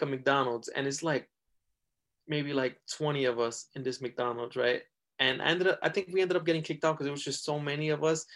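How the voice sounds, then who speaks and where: A man, a podcast guest telling a story casually, rambling and leaning heavily on filler words. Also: fairly high pitch. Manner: rambling, heavy use of "like", lively retelling.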